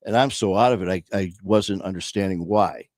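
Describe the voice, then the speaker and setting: A man's voice: low voice, a little fast, no echo, clean studio sound. A man casually telling a personal story, blunt and profane, with many restarts and trailing phrases. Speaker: podcast host telling his story.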